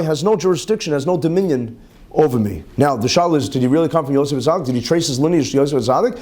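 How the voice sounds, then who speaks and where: A high-pitched man, a rabbi, leads a Talmud class, explaining each term twice and throwing in lively rhetorical questions. He mixes Hebrew and Yiddish words into his teaching.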